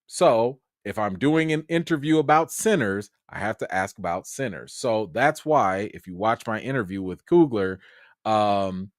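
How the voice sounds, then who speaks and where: A man from Chicago, a film critic, telling a story in an excitable, animated way on his livestream. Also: no room sound, studio quality. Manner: animated and excitable, with sudden jumps in pitch.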